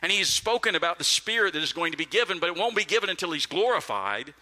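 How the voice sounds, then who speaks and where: Middle-aged male preacher, high-pitched and very bright, emphatic sermon with sudden quiet dips, big hall reverb. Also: quick pace. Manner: emphatic, animated delivery with sudden drops in pitch and volume. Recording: long reverb of a large hall.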